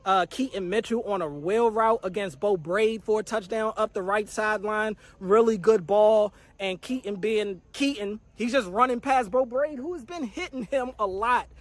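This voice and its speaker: High-voiced man giving a sports recap. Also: moderate pace, hardly any pauses, no echo. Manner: conversational, steady play-by-play listing. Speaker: training camp reporter. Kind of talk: spoken practice recap.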